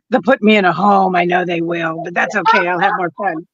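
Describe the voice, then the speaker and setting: A woman's voice: on the low side, moderate pace, dull audio, a crowd in the background. Giggly joking woman on a video call. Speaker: livestream guest. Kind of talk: casual chat.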